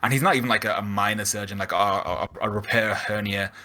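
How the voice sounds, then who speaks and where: Lively man on a podcast. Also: lowish voice, fast, rough recording. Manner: animated, acts out characters in quotes. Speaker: podcast host. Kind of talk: casual chat.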